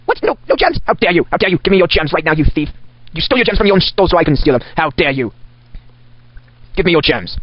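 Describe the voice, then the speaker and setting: A manic, cackling man rants in character as a crazed Santa while he plays, his voice high and swooping all over the place. It comes through a dull, lo-fi computer mic, sped up and dry with no room sound. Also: huge pitch swings, brisk, long pauses, slightly rough, dry recording. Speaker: gamer playing in character. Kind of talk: in-character game commentary. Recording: dull lo-fi sped-up desktop recording.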